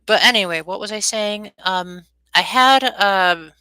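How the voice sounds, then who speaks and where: A woman's voice: mid-range voice, measured pace, sharp tone, smooth, no echo, poor audio. A young woman chatting casually with viewers on a live stream, rambling with many ums and often losing her train of thought.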